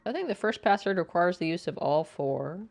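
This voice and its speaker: Woman streamer, casual gaming chat, low gravelly voice, lively pitch, faint music behind. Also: fairly quick. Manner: chatty, playful, greets chat in a high sing-song voice.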